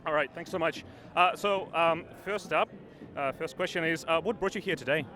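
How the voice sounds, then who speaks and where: A man's voice: a little high, moderate pace, crowd noise. A man interviewing people at a street rally, hesitant, with lots of ums and stammered restarts. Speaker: interviewer, independent YouTuber. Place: outdoors at a city street rally.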